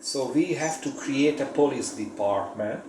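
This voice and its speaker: A woman's voice: a bass voice, measured pace, mellow, a little hiss or hum. A woman talking a child through a city-building game, patient and asking simple questions to teach, her English slightly non-native. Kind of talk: casual gameplay chat. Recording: roomy sound with game music behind.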